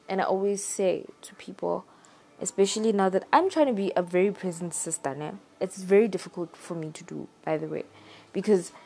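A young woman talking in a casual, reflective monologue, thoughtful and pausing to search for her words. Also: mid-range voice, a little mellow.

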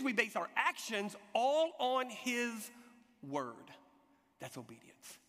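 A man in his forties preaching a sermon, telling stories with energy and leading the congregation in call-and-response. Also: extremely high pitch. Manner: animated storytelling with call-and-response. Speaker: pastor. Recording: long hall reverb.

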